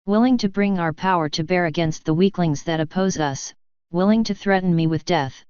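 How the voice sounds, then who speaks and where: Woman reader as a honeyed, condescending monster mare, low and very clear voice, storybook reading. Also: moderate pace, darkish tone, no room sound, highs cut off, close to an everyday voice. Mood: taunting. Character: sinister fanged female pony doppelganger, mocking.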